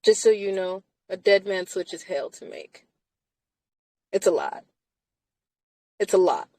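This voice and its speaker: A woman's voice: medium pitch, animated, a little slow, mellow, dry recording, low-quality recording. A woman hosting a casual live chat from inside a car, talking emphatically and laughing often between phrases.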